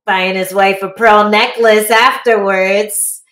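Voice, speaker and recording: A woman guest joins a casual chat, blunt and quick to joke, laughing often. Her voice rings with the echo of a roomy space, at an ordinary middle pitch. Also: fairly even intonation, fairly bright tone. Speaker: guest, professional fighter. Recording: echoey room.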